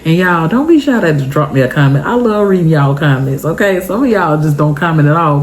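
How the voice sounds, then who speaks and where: Young woman vlogging, kinda teary, super expressive, chats right at her viewers, light hiss behind. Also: low voice, a little fast. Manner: expressive, heartfelt, chatty, addresses viewers directly. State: tearful. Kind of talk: emotional storytime vlog.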